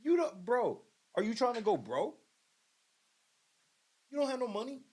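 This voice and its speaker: Male podcast host, casual commentary, blunt and mocking, high animated voice. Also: unhurried.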